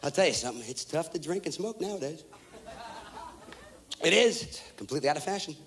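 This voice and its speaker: A man's voice: on the high side, lively intonation, a little fast. Ranting, profane stand-up comic man. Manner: loud, profane, ranting, mocking voices. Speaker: stand-up comedian. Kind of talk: stand-up comedy rant. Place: stage before a live audience. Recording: live stage recording with audience.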